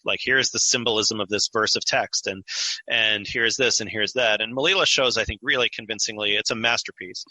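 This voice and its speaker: A man being interviewed as an author, explaining ideas in an animated way and laughing often as he talks. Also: on the low side, no room sound, rough recording. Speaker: author and guest. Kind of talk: conversational interview.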